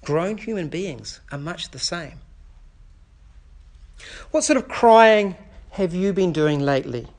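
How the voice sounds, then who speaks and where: A man's voice: sits high, expressive, slow pace, long pauses, darkish tone. Earnest man preaching a sermon. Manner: earnest, builds through repeated rhetorical questions. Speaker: pastor. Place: church service.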